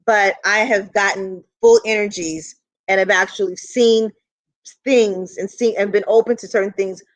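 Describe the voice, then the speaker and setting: A woman's voice: medium pitch, steady tone, moderate pace, no room sound, poor audio. Emphatic woman host, dry close sound. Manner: emphatic, earnest, repeats herself while reacting. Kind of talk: casual chat.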